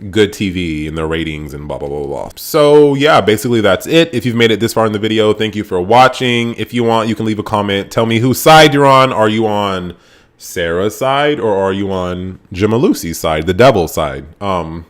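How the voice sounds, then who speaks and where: Brief: male vlogger, low-ish voice, chatty gossipy recap, swears freely, mimics quotes. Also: moderate pace. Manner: animated, profane gossipy storytelling; acts out quotes in shifting voices. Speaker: vlogger reviewing a reality show. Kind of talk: casual recap vlog.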